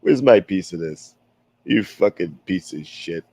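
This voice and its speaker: A man putting on a gruff old-school mobster who keeps calling himself a gentleman, menacing yet mock courteous. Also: low voice, expressive, a little slow, no room sound, pitched below the performer's own voice, heavily acted.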